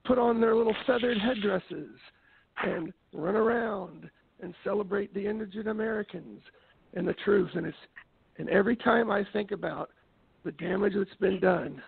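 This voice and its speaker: A man calling in to a show, making an indignant, preachy complaint in a gravelly voice. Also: sits high, fairly even intonation, moderate pace, no room sound. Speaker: caller. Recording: tinny phone line.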